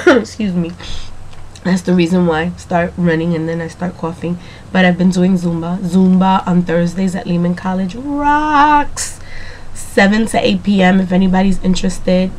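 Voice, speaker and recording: A woman keeping a casual video diary, chatty and rambling, talking straight to the viewer, slightly hoarse from allergies. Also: on the low side, fairly even intonation, measured pace, a little hiss or hum.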